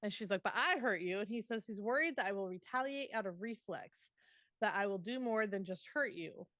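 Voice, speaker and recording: A woman's voice: medium pitch, expressive, fairly quick, fairly bright tone, no echo. A woman co-hosting a book podcast in casual chat, tossing in dry quips and summarizing chapters. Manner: dry quips and short agreeing replies. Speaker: podcast co-host. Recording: dry close-mic sound.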